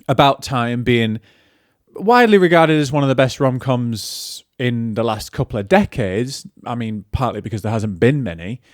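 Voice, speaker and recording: A man's voice: mid-range voice, expressive, moderate pace, dry recording, clean studio sound. A man hosting a casual solo film podcast from a room at home, speaking in a chatty, rambling, self-mocking way. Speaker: podcast host and film critic.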